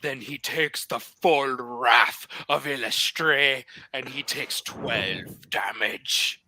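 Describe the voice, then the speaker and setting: Slow-talking bright-voiced game player. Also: male voice, mid-range voice, slight background noise. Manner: narrates his character's actions, chuckles often. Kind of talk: casual play narration.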